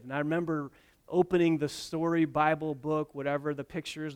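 A man preaching a sermon, swinging from loud emphatic lines to quiet asides and retelling scripture stories with lively quoted dialogue. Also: fairly high pitch. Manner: dynamic preaching, swells loud on key points then drops soft. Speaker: pastor.

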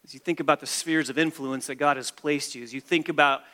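A man's voice: on the high side, fairly even intonation, fast, sharp tone, big-room sound. A man preaching a sermon as a pastor, emphatic and repeating key phrases for stress.

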